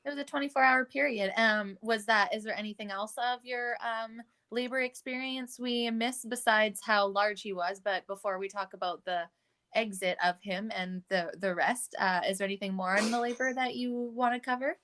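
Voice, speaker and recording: Woman co-host, soft follow-up questions, a bit higher voice, casual. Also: fairly even intonation, normal speed. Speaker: podcast co-host. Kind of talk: casual chat.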